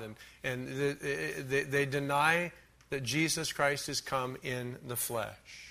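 A man preaching a sermon as a pastor, listing numbered points with emphasis, slowing on key words and dropping in dry asides. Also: mid-range voice, fairly even intonation, creaky, sharp tone.

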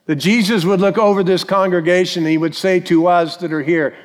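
Man preaching in a church, bit high-pitched, lots of hall echo, leans hard on repeated lines. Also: steady tone. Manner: emphatic preaching, repeats key phrases, slows for emphasis. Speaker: pastor. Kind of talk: sermon. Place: church sanctuary. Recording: long reverb of a church hall.

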